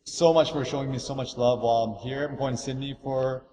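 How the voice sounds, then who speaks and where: An American man talks easily as an interview guest, shifting between upbeat enthusiasm and slower reflection. His voice sits at an ordinary pitch. The room around him rings with a long echo, over a faint hiss. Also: steady tone, warm tone. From United States. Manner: enthusiastic, reflective, many "like" fillers. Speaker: guest photographer. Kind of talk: casual interview answers. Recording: echoey room with faint noise.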